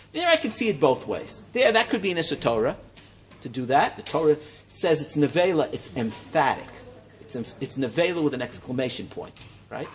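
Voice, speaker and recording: Animated man teaching a Talmud class. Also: medium pitch, slight background noise. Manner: animated, lively teaching with frequent check-ins and rising emphasis. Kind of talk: classroom lecture. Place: study hall classroom.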